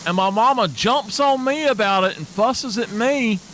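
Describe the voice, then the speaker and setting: A man's voice: sits high, moderate pace, a bit bright, slight background noise. A man, chatting while live-streaming a game and venting in an exasperated way.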